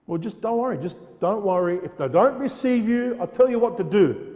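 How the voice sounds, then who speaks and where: A man's voice: high-pitched, expressive, a little fast, warm tone, big-room sound. A man preaching a fervent sermon in a church, repeating phrases and firing off rhetorical questions.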